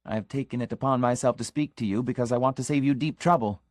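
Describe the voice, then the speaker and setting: Audiobook role: male reader as earnest middle-aged constable, urgent, conspiratorial, slightly raised pitch, dry studio sound. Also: quick pace, darkish tone, dry recording, natural voice. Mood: earnest warning. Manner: urgent, conspiratorial warning, drops to a stage whisper. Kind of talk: audiobook character reading.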